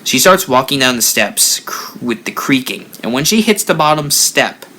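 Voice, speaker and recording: A man hosting a live stream, telling a spooky story with lively rises and drops. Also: mid-range voice, normal speed. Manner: animated storyteller, rising and dropping for effect. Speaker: haunt builder channel host.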